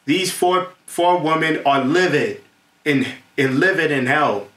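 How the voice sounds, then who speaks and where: A man hosting a rambling commentary to camera, excited and repetitive, laughing often and stumbling over names. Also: a little high, unhurried. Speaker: host. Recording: echoey room.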